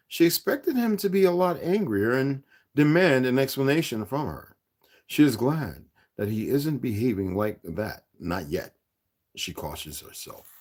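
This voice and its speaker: A man reading a romance novel aloud, expressive and occasionally correcting himself. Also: mid-range voice. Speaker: reader.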